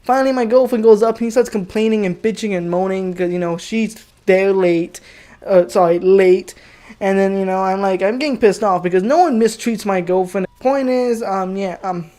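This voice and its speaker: A man's voice: sits high, moderate pace, dark tone. A young man rants through a storytime, swearing constantly and piling on fillers and restarts. His delivery is heated and crude, circling back to repeat his complaints. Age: young adult. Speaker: channel host telling a personal story. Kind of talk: profane storytime rant.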